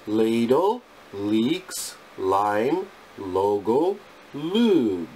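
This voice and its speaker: A male English teacher reciting phonics sounds and words one at a time in a deliberate, clipped drill. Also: lowish voice, very animated, darkish tone, a little hiss or hum.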